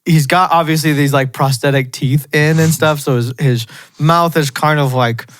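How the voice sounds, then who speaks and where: A man co-hosting a movie review podcast, retelling scenes in a casual, animated way with frequent laughter. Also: fairly high pitch, moderate pace.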